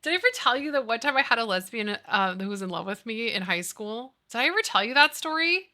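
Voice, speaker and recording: A woman's voice: a little high, expressive, quick pace, pushed and bright. A woman in her thirties chatting casually and animatedly with her live chat, giggling and gushing as she talks. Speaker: streamer.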